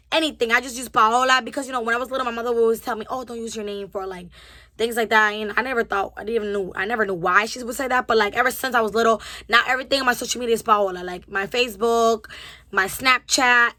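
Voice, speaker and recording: A young woman in her twenties telling a story-time vlog in a lively way, acting out both sides of the conversation. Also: on the high side, fast talker, dry recording. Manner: animated, acts out both sides of the dialogue with a rising temper. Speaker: vlogger.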